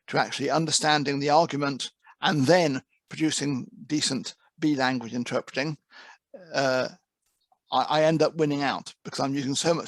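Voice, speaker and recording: A man's voice: on the high side, no echo. A man heading an interpreting course, giving a conversational presentation to trainee interpreters and often repeating words as he restarts a thought. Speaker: interpreting course head and teacher.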